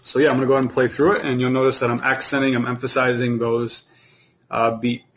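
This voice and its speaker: A man teaching an online beginner fiddle class, explaining in a relaxed way with lots of fillers. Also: mid-range voice, fast, highs cut off, a little hiss or hum.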